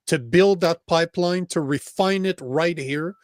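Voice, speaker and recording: This podcast host, a man with a Quebec French accent and a fairly high voice, chats casually about politics. He's emphatic and profane, often restarting sentences to drive his point home. He speaks unhurriedly, and the recording is dry and close.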